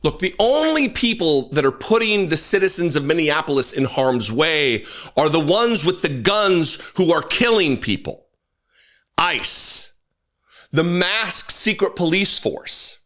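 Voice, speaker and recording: A man rants through his own political commentary show, his pitch leaping all over the place. His voice is bright and forceful, and he talks with blunt, profane anger and quick asides. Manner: angry, animated, swearing, quick asides.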